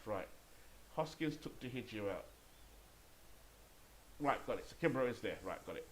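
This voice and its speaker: A man's voice: low voice, fast talker, pauses often, a little hiss or hum, low-quality recording. A British man calling play-by-play for a baseball video game he is playing, chatting and thinking aloud between calls. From Great Britain. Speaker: gamer and play-by-play caller.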